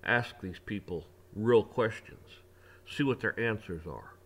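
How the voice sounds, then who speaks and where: A man's voice: on the low side, measured pace, fairly bright tone. Preachy man ranting emphatically. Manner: preachy and emphatic, repeats phrases, swears; religious preaching tone. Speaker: online commentator. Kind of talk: ranting opinion monologue.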